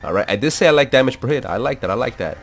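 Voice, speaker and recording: A young man giving casual, excitable commentary over his own gameplay, swearing, laughing and repeating himself. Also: medium pitch, very fast, creaky. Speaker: gaming commentator. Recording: faint background music.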